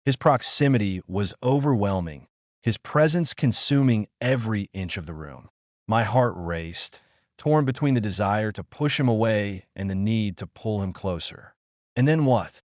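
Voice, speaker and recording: A man reading a first-person story in a smooth, even, unhurried way. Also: fairly low pitch, no echo, studio quality.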